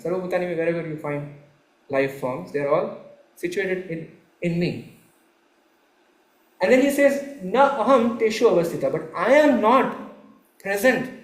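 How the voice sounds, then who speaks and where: A man teaching a course on scripture, explaining verses slowly, checking that his listeners follow, and laughing lightly now and then. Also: sits high, roomy sound, rough recording. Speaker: spiritual teacher. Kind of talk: lecture on scripture.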